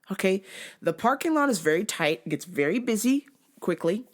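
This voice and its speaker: A woman hosts her own show, casually telling a rant story in a medium-pitched voice at normal speed. She is animated and profane, swearing a lot and throwing in frequent sound effects.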